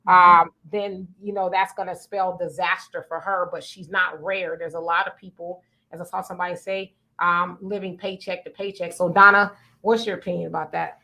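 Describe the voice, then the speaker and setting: A woman's voice: on the low side, flat delivery, moderate pace, hardly any pauses, bright, forceful tone. Casting: woman host, casual livestream chat, loose and chatty, lots of ums. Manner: chatty, many fillers and restarts.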